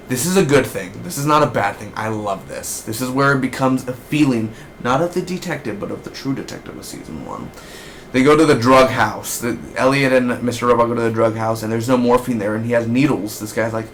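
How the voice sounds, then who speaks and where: A man hosts a casual TV review in a loose, rambling way, and his excitement spills into each point. His voice sits at an ordinary middle pitch. A faint hiss runs under the recording. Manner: rambling, excitable, acts out characters in bursts. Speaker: TV show reviewer.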